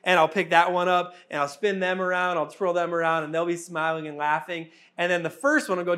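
A man's voice: high-pitched, little pitch movement, fast, few pauses, fairly bright tone. A man in his thirties, a pastor, preaching a sermon with earnest, repetitive cadence.

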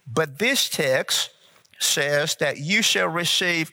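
Slow, emphatic bright-voiced male preacher. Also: fairly high pitch, expressive. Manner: call-and-response, urging the congregation to repeat; slow and emphatic, repeating key phrases. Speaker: pastor. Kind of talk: sermon.

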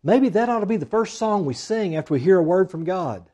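A man preaching a sermon, swinging from loud emphatic lines to hushed, drawn-out asides. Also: sits high, expressive. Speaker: pastor.

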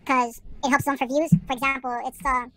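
Woman, podcast co-host, argumentative, bright tone, high pitch. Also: little pitch movement, fairly quick, dry recording. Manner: argumentative, reasoning out loud. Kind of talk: casual chat.

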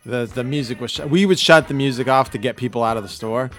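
A man's voice: medium pitch, quick pace, a bit bright, soft background music. A man hosting a casual podcast chat, rambling and self-deprecating, laughing often. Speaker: podcast host.

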